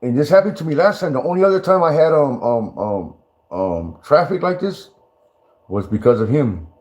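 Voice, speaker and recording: A man's voice: fairly high pitch, animated, normal speed, darkish tone. A man telling stories in rambling, profane casual talk, stammering and restarting often and breaking into laughter. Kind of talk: casual storytelling.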